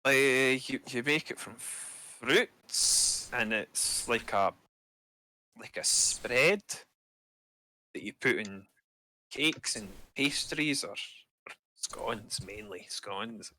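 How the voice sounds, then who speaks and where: A man's voice: mid-range voice, very slow, sharp tone, full character voice, rough recording. A man playing a stammering, polite dwarf. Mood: fumbling. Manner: hesitant, stammering. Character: polite, fumbling adult male dwarf. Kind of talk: tabletop role-play.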